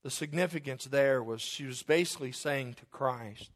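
A man's voice: mid-range voice, normal speed. A middle-aged man preaching a sermon, who jokes about himself and acts out the voices of the people he quotes.

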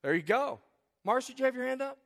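Man, high voice, pastor, joking, calls on people by name, hushed earnest moments, church sermon. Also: lively intonation, fast talker, gravelly. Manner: drops to soft earnest tone. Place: church sanctuary.

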